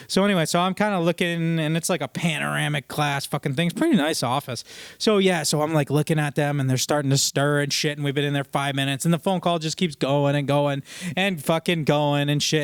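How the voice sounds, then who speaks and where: A man's voice: on the high side, clear, resonant tone, no room sound, studio quality. A young adult man hosting a podcast, telling a long story in a casual, profane, rambling way and acting out the quotes. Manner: profane, rambling, animated retelling with acted-out quotes. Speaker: podcast host.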